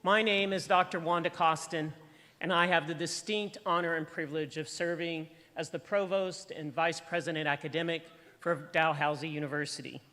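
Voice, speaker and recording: A woman university official opening a graduation ceremony in a formal, measured, welcoming manner. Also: low-pitched, steady tone, a bit bright. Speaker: university official presiding at convocation. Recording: livestream audio with long hall reverb.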